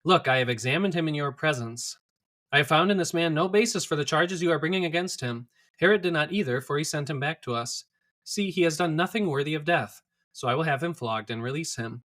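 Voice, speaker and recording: A man's voice: fairly high pitch, fairly quick, a bit bright, lightly acted. A man reading as an uneasy Roman governor. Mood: pleading. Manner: pleading, reasoning with a crowd.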